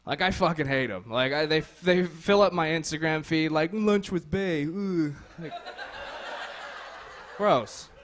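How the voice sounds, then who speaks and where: A man's voice: fairly high pitch, a little slow, pauses often, fairly bright tone. Sardonic young man doing stand-up. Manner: sardonic, crude, rambling with fillers. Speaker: stand-up comedian. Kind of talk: stand-up comedy set. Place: comedy club stage.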